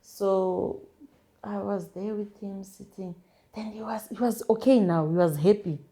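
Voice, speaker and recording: A young South African woman telling a personal testimony as an interview guest, in a halting, hesitant way full of restarts and repeated words. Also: medium pitch, steady tone, dark tone. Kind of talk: emotional first-person storytelling.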